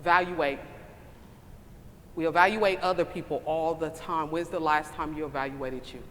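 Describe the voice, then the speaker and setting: A woman's voice: low voice, steady tone, normal speed, in a large hall, slight background noise. A woman giving a motivational conference speech, with an emphatic, repetitive, preacher-like cadence and questions thrown to the audience. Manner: calls out to the audience. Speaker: conference speaker. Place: conference hall.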